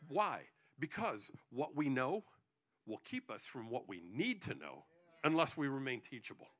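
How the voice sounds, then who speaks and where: Man preaching, animated pitch, joking asides, repeats his words. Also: normal speed. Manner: lively, joking preacher with frequent restarts. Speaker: pastor. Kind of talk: sermon.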